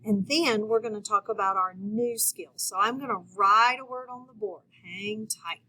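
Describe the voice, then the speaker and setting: Speaking directly to her young viewers, a woman leads a slow, patient phonics lesson and encourages them to answer. She has a medium-pitched, sharp-toned voice, and the rough recording carries slight background noise.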